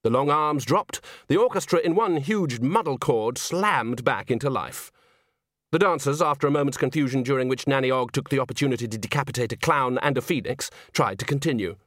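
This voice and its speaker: A man reading a comic novel aloud as narrator, wry and expressive. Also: mid-range voice, fairly quick, no echo. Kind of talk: audiobook narration.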